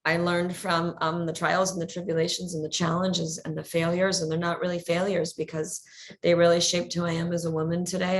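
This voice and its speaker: A middle-aged woman chatting as a guest in an interview, energetic, laughing often and repeating words as she talks. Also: fairly low pitch. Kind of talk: casual interview chat.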